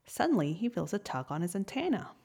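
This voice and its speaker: A woman reading a storybook tale aloud in a gentle, soft-spoken way. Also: mid-range voice, big pitch swings, quick pace, husky. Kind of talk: storybook narration.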